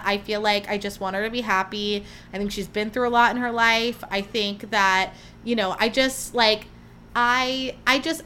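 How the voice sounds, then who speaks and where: A young woman hosting a podcast, chatting casually in an animated way with lots of fillers and restarts. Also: mid-range voice, slight background noise. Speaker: podcast host. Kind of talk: casual chat.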